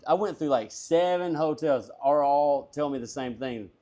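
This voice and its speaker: A man's voice: fairly high pitch, normal speed. A man, a comedian guest, telling a long story casually, swearing freely and acting out everyone's lines. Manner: profane, animated, acts out dialogue.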